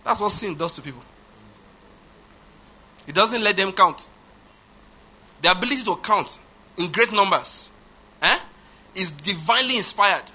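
A man's voice: sits high, animated, a little slow, long pauses, pushed and bright, slightly rough. A man preaching an emphatic sermon, repeating his points. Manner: emphatic, repetitive, laughs at his own points. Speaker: pastor.

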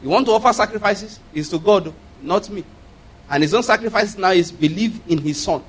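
High-pitched man preaching emphatically. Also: fairly quick, breathy edge. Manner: emphatic, rhetorical call-and-response questions; repeats key phrases for emphasis. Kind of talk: sermon.

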